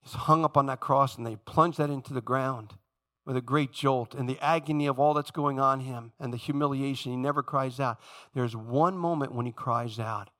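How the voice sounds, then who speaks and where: A man preaching a sermon with passion, talking straight to his congregation and swinging from loud emphasis to hushed, low tones. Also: normal speed. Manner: addresses congregation directly.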